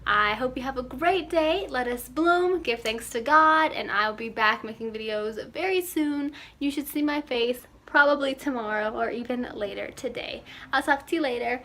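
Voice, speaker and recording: A young woman telling stories about herself in a casual, chatty vlog, with quick asides. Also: high voice, pushed and bright. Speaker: vlogger. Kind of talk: casual chat.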